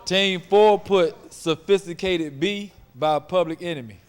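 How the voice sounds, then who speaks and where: A man reading out the teams' answers at a trivia game in a slow, deliberate way. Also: sits high, clear, resonant tone, long reverb tail. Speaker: answer reader at a quiz.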